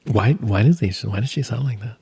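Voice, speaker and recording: A man's voice: mid-range voice, brisk, vocal fry, mellow, breathy edge. A man co-hosting a podcast in casual chat, playful and teasing. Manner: playful, teasing, puts on a child's voice. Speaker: podcast co-host.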